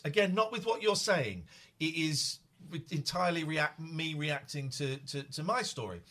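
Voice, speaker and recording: A man hosting an emotional conversation, earnest and halting, with frequent restarts. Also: fairly high pitch, fairly bright tone.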